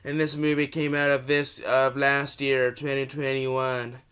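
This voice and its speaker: A young man with a cold giving a casual, rambling movie review vlog, often restarting his sentences and gushing with excitement. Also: medium pitch, unhurried, clean tone. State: has a cold.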